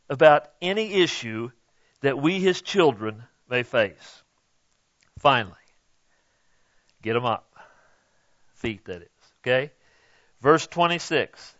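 A man's voice: medium pitch, expressive, takes it slowly, pauses often, fairly bright tone, dry recording, dull audio. A middle-aged male pastor preaching a sermon in a conversational way, often checking in with "okay?".

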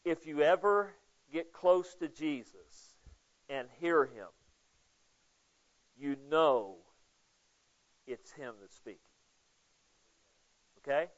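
A man's voice: fairly high pitch, takes it slowly, long pauses. A man preaching a casual, conversational Bible study sermon, asking listeners questions by name. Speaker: pastor. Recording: dull lo-fi sound.

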